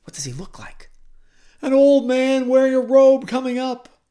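A man voicing a suspicious, frightened woman medium, high and loud. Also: lively intonation, normal speed. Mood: awed.

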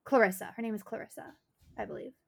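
A woman's voice: fairly high pitch, fast talker, vocal fry, slightly rough. A young woman co-hosting a podcast, talking casually and rambling, with lots of "like" and swearing as she acts out quotes. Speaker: podcast co-host. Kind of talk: casual chat.

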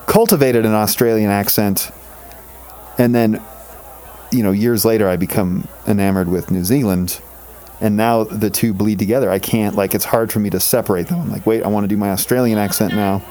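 A man's voice: lowish voice, a little mellow, slight background noise. A man from Colorado co-hosting a show, rambling through playful tangents in casual comedic banter. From Colorado, USA. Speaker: podcast co-host.

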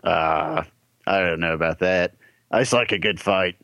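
A man's voice: low-pitched, steady tone, moderate pace, a bit bright, dry recording. A man speaking in character as a player in a tabletop game, laid-back and wry.

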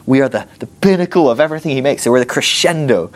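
A man teaching a Bible class in a playful, animated way, acting out little scenes with humor. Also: mid-range voice, fast.

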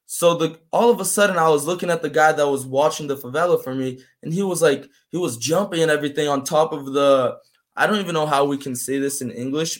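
A young man from Brazil, a native Portuguese speaker, telling his story in a casual interview, animated and full of "man" and "like". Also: on the high side. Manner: animated, acts out voices in quotes, fills with "man" and "like". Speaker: guest.

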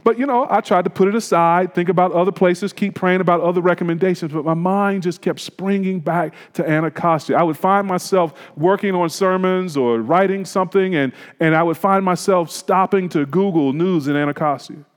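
A pastor preaching a sermon, telling a personal story in a conversational, reflective way. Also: male voice, high-pitched, a little fast, hardly any pauses, clear, resonant tone, in a large hall.

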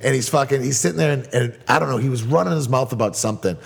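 A man tells a bar story in casual chat, rambling and swearing, and often restarting his sentences. His voice is husky. The room adds a long reverb tail. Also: medium pitch, racing. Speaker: podcast co-host telling a bar story.

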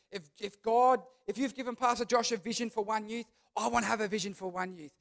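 A man with a high voice preaches to a youth group. He is emphatic and keeps repeating key phrases. Now and then he asks the crowd to say words back to him. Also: steady tone, brisk, creaky, hardly any pauses, a bit bright. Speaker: youth pastor. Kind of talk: sermon.

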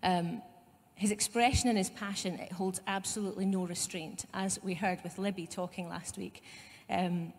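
A woman's voice: mid-range voice, fairly even intonation, normal speed, hardly any pauses, big-room sound, a little hiss or hum. A woman pastor with a Scottish accent giving a conversational sermon, with asides to her congregation. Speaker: site pastor. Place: church.

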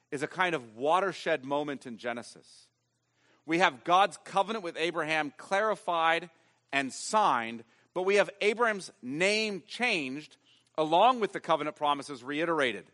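A man preaching a sermon as pastor, emphatic, swinging from loud stressed lines to hushed ones. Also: on the high side, animated, moderate pace, in a large hall.

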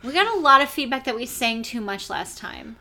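A woman's voice: fairly high pitch, big pitch swings, a little fast, bright, forceful tone. A woman co-hosting a podcast, bantering and rambling, then laughing at herself. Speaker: podcast co-host. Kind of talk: casual chat.

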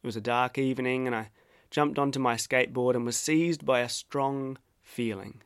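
An Australian man reads his own reflective personal essay in a measured, wry way with a dry, self-deprecating edge. His voice sits in an ordinary middle pitch for a man. The recording is close and dry, with no room sound. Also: steady tone, smooth, dry recording.

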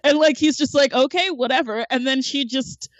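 A woman's voice: high-pitched, normal speed, no room sound. Laughing woman on a dull lo-fi podcast. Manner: laughs often, animated retelling. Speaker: guest film critic. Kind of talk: casual podcast chat. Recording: dull lo-fi sound.

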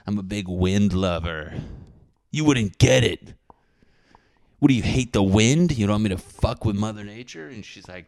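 A man in his thirties talks alone into his podcast mic from his apartment. He rambles from one thought to the next, swears freely and makes fun of himself. His voice sits low and sounds dry and close, with no room echo. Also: expressive, moderate pace, gravelly, darkish tone. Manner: rambling, profane, self-mocking. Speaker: podcast host. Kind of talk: rambling solo podcast monologue.

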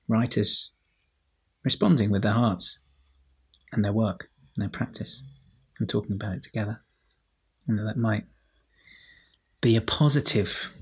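A man's voice: on the low side, slightly rough. A man hosting a podcast alone into his laptop at home, rambling and self-mocking with frequent restarts. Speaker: podcast host. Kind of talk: solo casual monologue to listeners.

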